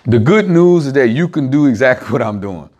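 This man preaches to a small group in a relaxed, chatty style, animated and direct, using everyday illustrations. His pitch is medium and his pace brisk, though the audio sounds dull.

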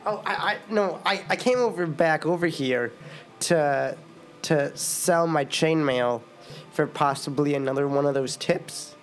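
A man's voice: fairly high pitch, measured pace, faint music behind. A young man playing a tabletop game, eager and stammering as he talks. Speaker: player.

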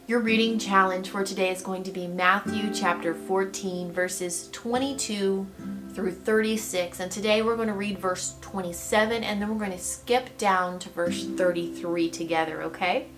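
A woman's voice: mid-range voice, normal speed, over music. Conversational woman teaching a Bible devotional. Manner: warm conversational teaching, checks in with "okay?"; animated storytelling, acts out the scene. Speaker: podcast host and pastor's wife.

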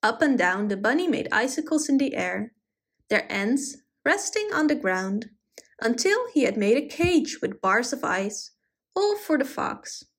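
A woman reading a children's story aloud in an expressive storytelling manner. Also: a little high, unhurried.

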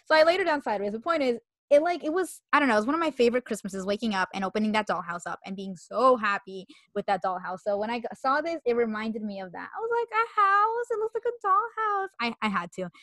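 A woman's voice: mid-range voice, fast talker, few pauses, no room sound, studio quality. A woman co-hosting a podcast in casual, rambling chat, sniffling from a cold. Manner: chatty, rambling, giggly. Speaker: podcast co-host.

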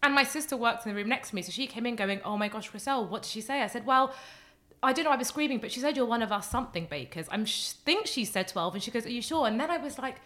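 A young woman guest telling a story in casual chat, animated and acting out the voices of others. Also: on the high side, quick pace. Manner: animated, acts out quoted voices, talks in long excited runs. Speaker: guest, baking contestant.

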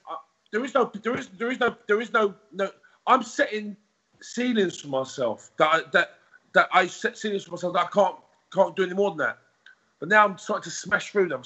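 A man talks as a podcast guest, circling back over his words in a rambling, animated way. His voice sits fairly high and sounds husky. The audio is a little dull and lo-fi. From United Kingdom. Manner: rambling, repetitive, animated storytelling. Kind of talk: casual podcast interview.

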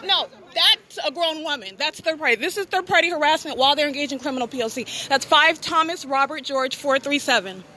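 A woman's voice: high voice, fairly quick, few pauses, sharp tone, a faint crowd, slight background noise, low-quality recording. A woman narrating in real time as she films, insistent and repetitive, outdoors in a motel parking lot at night, recorded on a handheld phone. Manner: insistent, repetitive, clipped phrasing. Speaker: self-documenting videographer.

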